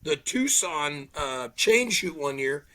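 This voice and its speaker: Speaking slowly in a voice on the high side, the middle-aged man tells stories in a casual chat, animatedly acting out the words of the people involved.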